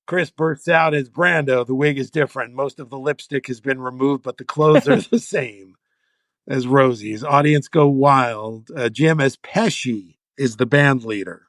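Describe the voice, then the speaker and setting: A man's voice: medium pitch, normal speed, no echo, clean studio sound. A man, a comedy writer, reading an old sketch script aloud and laughing as he goes. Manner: amused, laughing as he reads. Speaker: comedy writer, podcast guest.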